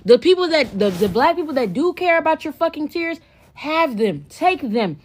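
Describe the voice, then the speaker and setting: A woman's voice: high-pitched, big pitch swings, moderate pace, a little hiss or hum. A woman ranting sarcastically to camera, drawing out words and swearing. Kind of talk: mocking vlog rant.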